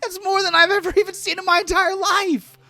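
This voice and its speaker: A man's voice: little pitch movement, a little fast, no room sound, heavily acted. A man doing a frantic young companion, shrieking. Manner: shouting, high and frantic. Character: young excitable male companion, naive and loud.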